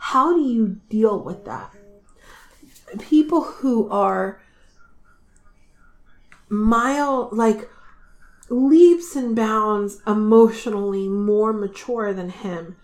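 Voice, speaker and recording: A woman's voice: mid-range voice, very slow, pauses often. A woman co-hosting a casual book discussion, retelling the story with emotion and playful voiced asides. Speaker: podcast co-host.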